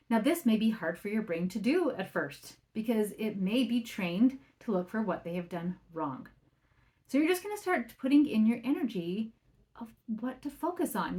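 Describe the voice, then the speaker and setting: A woman parenting coach talking on her solo podcast in a conversational way, often checking in with "right?". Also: on the high side. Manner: acts out quoted remarks in a livelier or softer voice.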